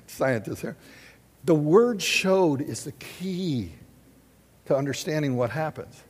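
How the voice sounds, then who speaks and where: Male pastor, slightly high voice, lively questioning sermon delivery, reverberant hall. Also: breathy edge. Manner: animated, asks the congregation questions.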